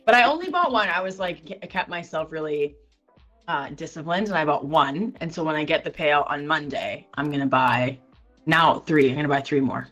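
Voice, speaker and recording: A Canadian woman with a Canadian accent hosts a live stream in a low, easygoing voice. She is chatty and laughs easily as she reads out viewer questions. A faint bed of music plays under her talk. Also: moderate pace, fairly bright tone, muffled recording. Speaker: stream host. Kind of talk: casual chat on a live stream.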